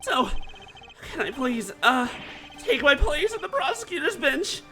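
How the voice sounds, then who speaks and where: A man's voice: very high-pitched, big pitch swings, measured pace, bright, forceful tone, soft background music, voice pushed up, full character voice. Brief: timid young male prosecutor, stuttering and pleading, pushed up well above the player's own voice. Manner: stammering, pleading.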